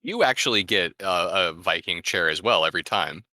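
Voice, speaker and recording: A man narrating as game master of a tabletop game, slow and full of ums. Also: low-pitched, expressive, pushed and bright, no echo.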